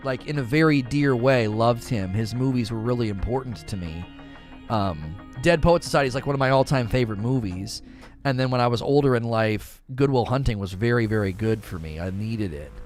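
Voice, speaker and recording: A man hosting a livestream, chatting casually with viewers and reading out their comments, animated and given to trailing off quietly at the ends of his thoughts. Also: a little fast, faint music behind. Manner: animated, with sudden high-pitched bursts when quoting. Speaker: livestream host.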